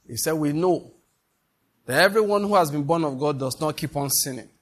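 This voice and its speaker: A man preaches with a slightly high voice, drawing out scripture in slow, measured declarations. He repeats each line so the congregation can say it after him. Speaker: pastor. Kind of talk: sermon with guided scripture meditation.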